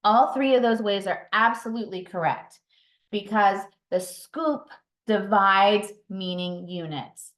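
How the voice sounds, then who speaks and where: A woman walks trainees through reading routines at a steady, mid-pitched level. She explains patiently, correcting herself now and then with an um. Her voice carries a roomy echo from a home room. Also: a little slow. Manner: explanatory, patient, with frequent ums and self-corrections. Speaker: mentor trainer. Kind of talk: instructional training talk.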